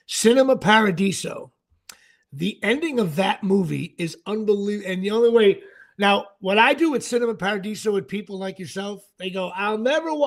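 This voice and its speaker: A man's voice: high-pitched, gravelly. A man hosting a casual chat show, talking in an emphatic, rambling way. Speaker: host.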